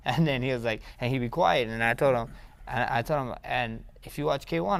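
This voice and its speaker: A young man with a mid-range voice tells stories from his past in a casual interview. He talks loosely, repeats his words and trips over his phrasing, and he often jumps up in pitch and volume when he gets excited. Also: quick pace, vocal fry. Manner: rambling, repeats words, grows excited and loud. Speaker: interview guest, fighter.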